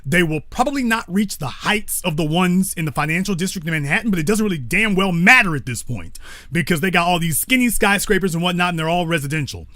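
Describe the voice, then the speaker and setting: A man's voice: sits high, lively intonation, fast talker, bright, forceful tone, dry recording, studio quality. A man hosting a call-in talk show, speaking bluntly with profanity and stopping to correct himself.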